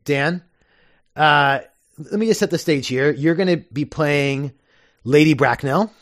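A man's voice: on the high side, a little slow, dry recording, clean studio sound. A man hosting a casual podcast, chatty and explaining with plenty of fillers. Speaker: podcast host.

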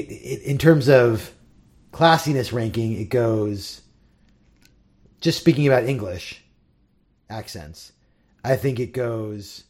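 A man co-hosting a podcast in easygoing chat. His voice sits at an ordinary middle pitch. He repeats words while he thinks and breaks into laughs as he talks. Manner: rambling, laughs often, repeats himself. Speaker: podcast co-host. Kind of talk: casual chat.

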